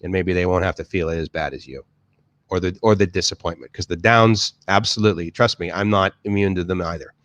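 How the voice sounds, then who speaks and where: A man with a Boston accent talks loosely on his live stream, reading viewers' comments aloud and circling back through fillers and restarts. His voice sits low, and the sound is dry with no room echo. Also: a little fast, a bit bright, dull audio. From Boston area, USA. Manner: rambling, many restarts and fillers. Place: home, in Bangkok.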